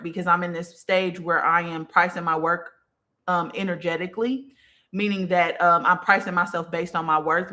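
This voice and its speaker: A woman hosting a spiritual live stream, reading viewer comments aloud in casual chat and affirming them with a steady "okay" and "period". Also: fairly low pitch. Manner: affirming, repeats "okay" and "period", relaxed and chatty; yawns and sighs now and then.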